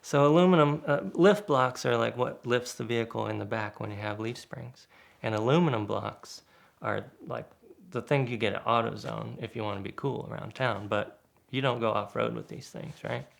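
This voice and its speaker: A man telling a casual spoken anecdote in a lively way, acting out the other people's lines. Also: moderate pace, creaky. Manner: lively, acts out quoted voices with sudden pitch jumps. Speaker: guest storyteller.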